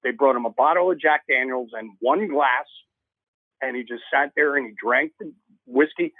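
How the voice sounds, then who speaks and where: A guest musician in his sixties tells stories in a relaxed, animated way, cursing freely and doing the voices of the people involved. His voice sits in the mid range at a normal speed, with no room sound, carried over a narrow, phone-like remote line.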